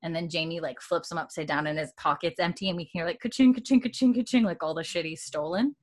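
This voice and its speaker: A woman's voice: low voice, fairly even intonation, fast talker, fairly bright tone. A woman casually recapping a TV episode, acting out the characters' lines, swearing and laughing as she goes. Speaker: podcast co-host recapping a TV episode. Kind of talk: casual chat, animated retelling.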